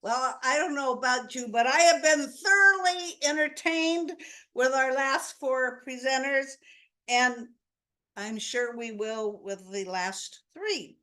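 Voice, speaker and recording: A woman's voice: high voice, takes it slowly, bright, forceful tone. A woman hosting a storytelling event, announcing the next teller in an upbeat way. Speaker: event host.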